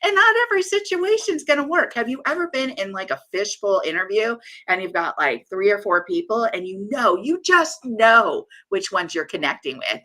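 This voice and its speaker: A woman's voice: medium pitch, big pitch swings, moderate pace, few pauses, sharp tone. A woman co-hosting a podcast, speaking emphatically in a coaching way and repeating key phrases. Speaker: podcast co-host. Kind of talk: casual conversational discussion.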